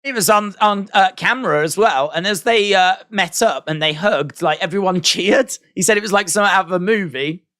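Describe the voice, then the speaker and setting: Guy doing a chatty stream watch-along, kinda high voice, dry close mic, laughs a lot. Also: brisk, few pauses, a bit bright, dry recording. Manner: chatty, reacting with laughs and asides. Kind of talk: casual live-stream commentary.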